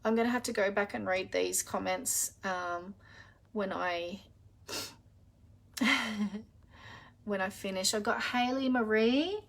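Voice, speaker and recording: A woman's voice: mid-range voice, takes it slowly, gravelly, long pauses. A middle-aged woman, hosting a live spiritual reading session in a chatty, affectionate way, calling viewers darling and honey with many filler sounds. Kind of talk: casual live-stream chat.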